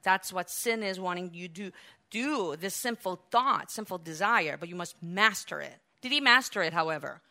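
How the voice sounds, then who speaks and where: A woman preaching a sermon, acting out the quoted biblical figures with lively, raised delivery. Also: moderate pace. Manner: animated, acts out biblical quotes with raised pitch and volume.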